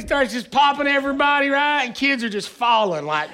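A male pastor preaching to his congregation, telling a funny story in an animated, self-deprecating way with frequent chuckles. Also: very high voice, moderate pace. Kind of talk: sermon with humorous storytelling. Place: church sanctuary before a live congregation.

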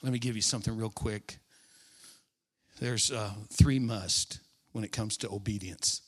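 A male pastor preaching a sermon, repeating key phrases with emphasis, drawing them out and now and then dropping to a hushed aside. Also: fairly low pitch, steady tone, measured pace.

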